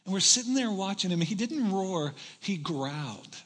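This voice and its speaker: High, bright-voiced preacher in an echoey hall. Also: male voice, normal speed. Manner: animated, joking with the congregation. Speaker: pastor. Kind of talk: sermon. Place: church hall.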